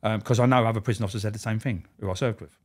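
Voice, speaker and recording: A man's voice: on the low side, racing. A man, a former prison officer telling candid, swearing stories and acting out the voices of people he quotes. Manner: animated, acts out quoted voices.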